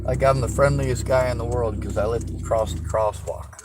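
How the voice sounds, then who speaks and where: A man's voice: medium pitch, fairly even intonation, moderate pace, very noisy. A man giving a blunt, profane, heated rant as a vlogger, talking from a car while driving. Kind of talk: profane angry rant to camera.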